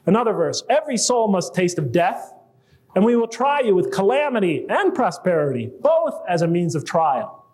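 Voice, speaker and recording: High-voiced man lecturing. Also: big pitch swings, normal speed, a little mellow. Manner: conversational, posing rhetorical questions and quoting verses. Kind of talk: public lecture to a live audience.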